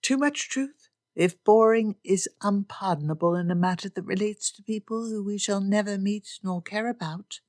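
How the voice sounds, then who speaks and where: A spirited young woman with a quick, teasing wit, read by a woman narrator. Her lines come out playful. It is close to the reader's own voice. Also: mid-range voice, a little mellow, no room sound, voice pushed up, natural voice.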